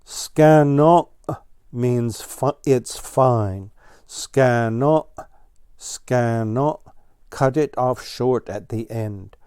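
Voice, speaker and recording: A man's voice: medium pitch, fairly even intonation, very slow, dark tone, smooth, dry recording, studio quality. A man voicing a fussy, easily exasperated ground squirrel in a storybook, correcting and emphatic. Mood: instructive.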